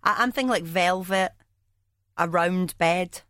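A woman's voice: lowish voice, a little slow, sharp tone, dry recording, clean studio sound. A woman co-hosting a podcast in casual chat, full of cheeky, teasing banter. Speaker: podcast co-host.

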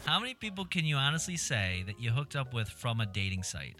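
Bright, lively rambling man in his thirties. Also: mid-range voice, a little fast, soft background music. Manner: rambling, self-correcting storyteller. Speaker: gamer chatting with a friend. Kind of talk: casual chat over gameplay.

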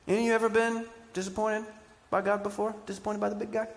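A man preaching a sermon, animated and joking, asking the crowd questions. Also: sits high, quick pace, vocal fry. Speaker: pastor. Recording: live church sermon with hall reverb.

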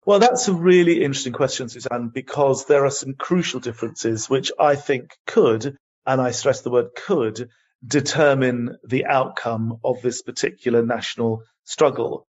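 Older male guest, emphatic and passionate, mid-pitched, dull lo-fi sound. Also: moderate pace, a little mellow. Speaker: guest, human rights advocate. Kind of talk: interview answers, storytelling. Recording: dull lo-fi audio.

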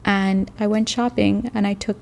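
Candid woman with gravelly voice. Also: medium pitch, flat delivery, a little mellow. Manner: emotional, candid, halting. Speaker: interviewee. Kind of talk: personal testimony.

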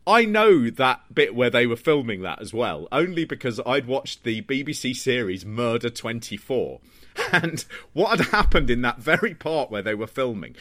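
Man, podcast co-host, laughing mockery, dry sound, lively intonation. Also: mid-range voice, moderate pace, no echo. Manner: laughing, mocking asides. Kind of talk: casual comic chat.

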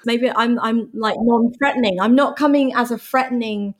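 A woman's voice: fairly high pitch, normal speed. A woman, a podcast guest, telling blunt, sweary stories in casual chat. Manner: blunt, sweary, animated storytelling.

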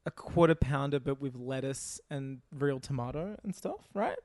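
A man's voice: medium pitch, lively intonation, normal speed, a little mellow, no room sound, studio quality. A man co-hosting a podcast in loose, rambling casual chat, swearing now and then. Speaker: podcast co-host.

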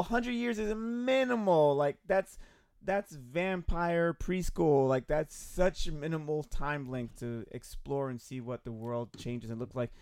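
A man's voice: mid-range voice, dry recording, studio quality. A middle-aged man talking animatedly in a casual discussion, laughing often and swearing freely. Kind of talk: casual chat.

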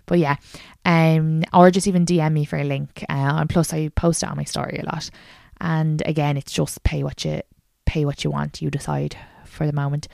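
A woman's voice: low-pitched, flat delivery, normal speed, creaky, a little mellow, dry recording, clean studio sound. A woman hosting a podcast, chatting casually and saying "like" a lot. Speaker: podcast host. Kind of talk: casual chat.

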